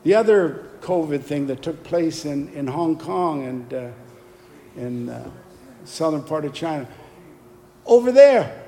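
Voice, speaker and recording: A man preaching a sermon with passion, pressing his points with forceful emphasis and asking the congregation for replies. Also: fairly high pitch, a little slow. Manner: impassioned, rising to forceful emphasis, call-and-response. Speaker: pastor. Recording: long hall reverb, faint background noise.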